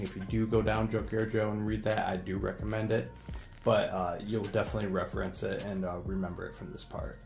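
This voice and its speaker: A man casually reads and recaps a comic book, rambling along with enthusiasm. His voice sits low with a gravelly fry. Faint music plays underneath.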